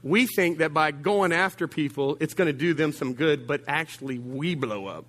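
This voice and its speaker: A male pastor preaching a sermon, telling humorous stories with sudden jumps in pitch and loudness and calling out to the congregation. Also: normal speed, few pauses, a little hiss or hum. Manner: humorous, animated storytelling with big swings of pitch and volume; addresses the congregation directly with call-outs.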